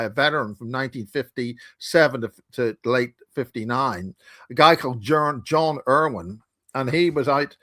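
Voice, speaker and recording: Belfast man, mid-pitched, joking and rambling on a dry video call. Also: a bit bright, no echo. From Northern Ireland. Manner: rambling, joking, self-interrupting. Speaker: guest, conference founder. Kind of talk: casual chat. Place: home in Wiltshire.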